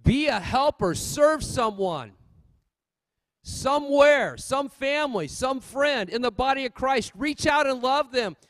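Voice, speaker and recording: A male pastor delivering a sermon in a notably high voice. He swings between loud, urgent exhortation and low, quiet asides to the congregation. The sound is dry and close, with no room echo. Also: expressive, a little slow.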